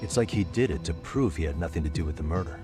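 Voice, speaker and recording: A man voicing a calm, persistent detective who presses a witness with steady questions. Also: low voice, fast talker, over music. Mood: pressing. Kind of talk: game voice acting.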